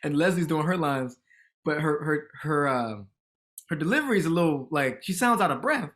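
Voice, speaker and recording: With a fairly high pitch and normal speaking speed, this thirty-something D.C.-area man guests on a podcast as a comedian. He chats casually, spinning lively stories and laughing as he goes.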